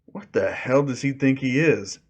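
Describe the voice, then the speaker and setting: A man's voice: mid-range voice, normal speed, voice pushed up, close to an everyday voice. A man voicing a hot-headed teenage boy rival. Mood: dismissive.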